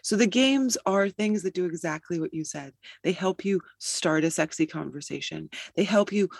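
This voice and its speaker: A founder gives long, articulate answers in an interview, pausing on the odd filler. The voice sits at a middling pitch, and the recording is dry and close. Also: gravelly, slightly rough, dry recording. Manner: articulate, explains at length with fillers. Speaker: guest, app founder.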